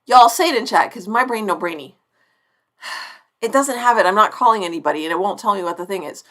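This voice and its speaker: A woman of about forty hosts a live-stream TV review, her mid-range voice fairly bright, animated and fast. She's effusive and chatty and keeps restarting her sentences mid-thought.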